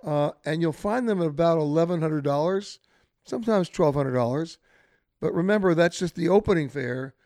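Broadcasting from a hotel, a man hosts a radio travel show and offers chatty, emphatic tips directly to listeners. His fairly high, darkish voice is animated and moves at a normal speed, with no echo.

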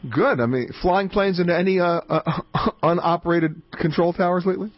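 A man hosting a radio travel call-in show, chatty and emphatic with quick asides. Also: sits high, no echo. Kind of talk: fast radio call-in talk. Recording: dull band-limited radio audio.

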